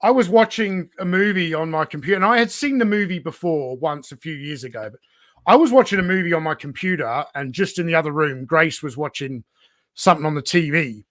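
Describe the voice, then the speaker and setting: Guy on a stream telling stories, kinda high voice, laughs at himself, dry sound. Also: animated, brisk, a bit bright, no echo. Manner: candid, self-deprecating, laughs often. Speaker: guest toy channel host. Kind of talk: casual livestream chat.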